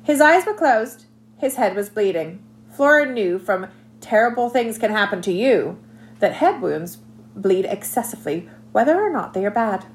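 Animated woman reading a children's book. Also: mid-range voice, normal speed. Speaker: audiobook narrator. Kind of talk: scripted narration.

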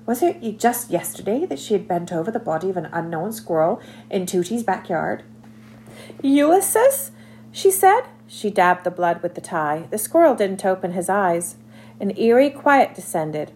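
Audiobook narrator: woman, mid-pitched, lively, expressive storybook delivery. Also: a little hiss or hum. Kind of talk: scripted narration.

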